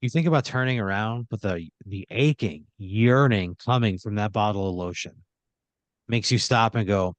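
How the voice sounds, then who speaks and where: A man improvising a comedic story on a podcast, narrating in second person with deadpan, drawn-out phrasing. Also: fairly low pitch, no room sound. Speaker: podcast host spinning a scenario.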